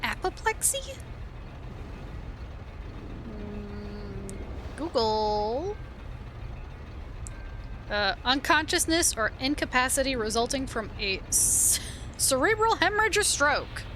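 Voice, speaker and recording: A woman's voice: high voice, very animated, slow, pauses often, noisy background. A young woman streaming a game live, reading dialogue and chatting to her viewers with giggly asides.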